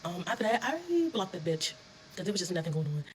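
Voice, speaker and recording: A woman telling a casual, animated storytime, with plenty of slang and swearing. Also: lowish voice, quick pace, a little hiss or hum. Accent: US Southern.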